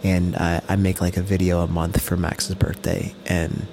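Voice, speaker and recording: A young man co-hosting a casual podcast, gentle and reassuring, with loose slangy talk. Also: deep voice, little pitch movement, moderate pace, vocal fry, slight background noise. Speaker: podcast co-host.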